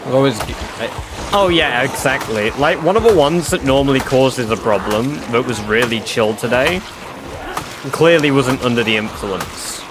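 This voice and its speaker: A man's voice: mid-range voice, normal speed, background noise. Man telling a sweary story. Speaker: game streamer. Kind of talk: casual livestream chat. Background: game music.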